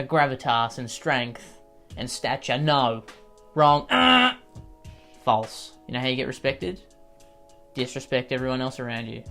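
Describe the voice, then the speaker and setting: A man with a slightly nasal, snivelling voice giving mock-serious, condescending advice in a deadpan comedy monologue. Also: medium pitch. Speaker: comedy sketch host.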